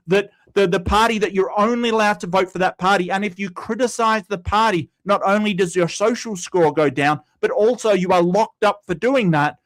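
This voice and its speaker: A man's voice: sits high, normal speed, few pauses, a bit bright. A young Australian man on a livestream, ranting at the chat in a heated, profane outburst. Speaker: guest co-reviewer on a livestream.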